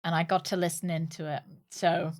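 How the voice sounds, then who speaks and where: A woman's voice: lowish voice, level tone, fairly quick. A woman streaming a video game, chatting casually, laughing often and exclaiming at what she finds. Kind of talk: casual let's-play commentary.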